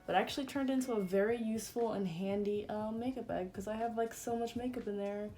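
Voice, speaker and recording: A twenty-something beauty vlogger with a fairly high, warm, quick voice chats casually and crudely through her makeup routine in a room at home. It's a get-ready-with-me talk, and she drops "like" as filler constantly.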